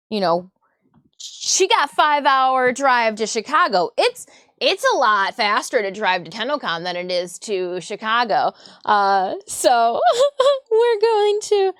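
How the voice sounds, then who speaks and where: A woman's voice: mid-range voice, fairly bright tone, smooth, no echo, clean studio sound. Chatty woman livestreaming her crafting. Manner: rambling, chatty, self-deprecating asides. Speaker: livestream host. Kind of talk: casual live-stream chat while crafting.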